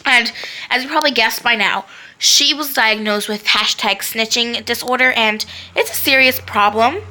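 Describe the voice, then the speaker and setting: A woman's voice: on the high side, normal speed, bright, forceful tone, rough recording. A woman in a comic character monologue, rambling in a chatty, gossipy valley-girl way. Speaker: comedy sketch creator.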